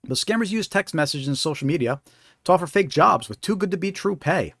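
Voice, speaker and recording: A man's voice: fairly high pitch, lively intonation, brisk, fairly bright tone, dry recording, studio quality. Chatty man hosting a scam talk. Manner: conversational, keeps asking "right?". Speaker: host. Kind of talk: live-stream scam awareness talk.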